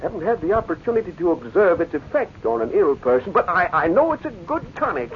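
A blustering, pompous medicine-show doctor in a vintage radio drama, smooth patter that breaks into stammers under pressure. His voice sits high and swoops with animated pitch. The recording is muffled and dull. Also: a little fast, slight background noise. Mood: earnest. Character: smooth-talking traveling medicine-show doctor, middle-aged man. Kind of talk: 1940s radio drama acting.

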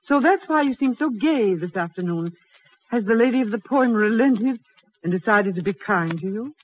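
An actress playing a frail young woman invalid poet, shy and tender, speaking softly and emotionally in a 1940s radio drama. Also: on the high side, expressive, moderate pace, husky. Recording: lo-fi old radio with faint hiss.

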